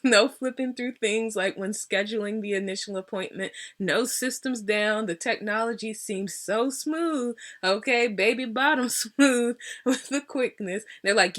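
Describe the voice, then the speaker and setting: A woman hosting her own vlog, chatting casually through a personal story. Her voice sits a little high. She jumps into other people's voices as she acts out both sides of a phone call. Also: normal speed, hardly any pauses, fairly bright tone. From United States. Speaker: vlog host.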